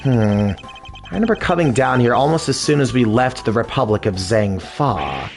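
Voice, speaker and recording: A man voicing a cool, composed male prosecutor who speaks in a measured, deliberate way in a game dub. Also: medium pitch, lively intonation, soft background music, pitched below the performer's own voice, close to an everyday voice. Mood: calm, analytical.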